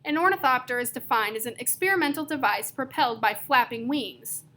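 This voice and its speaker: A woman's voice: high-pitched, expressive, brisk, bright, forceful tone, slight background noise. A woman doing a small brainy know-it-all boy. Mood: lecturing. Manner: precise, dictionary-like wording.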